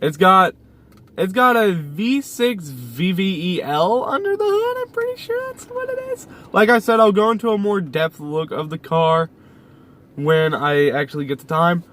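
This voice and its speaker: A man's voice: high-pitched, animated, measured pace, a bit bright, slight background noise. Rambling young man in a parked car. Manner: rambling, repeats himself, many fillers. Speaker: YouTuber. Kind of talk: casual car vlog. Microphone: camera mounted on the dash.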